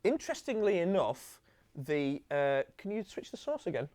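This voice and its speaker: A man's voice: a little high, moderate pace, clean tone. Guy telling showbiz stories onstage, acts out the quotes, swears a bit. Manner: lively storyteller, acts out quotes, swears casually. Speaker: TV comedy director giving a masterclass. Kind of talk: anecdotal stage conversation.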